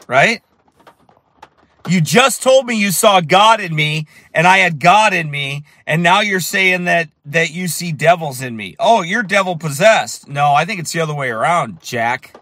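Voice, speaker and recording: A fiery man preaching in a high, bright voice that cuts through. He tells his story with strong emphasis and builds to shouts. His tone stays sharp and forceful. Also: measured pace, dry recording. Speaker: street preacher. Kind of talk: preaching while telling a story.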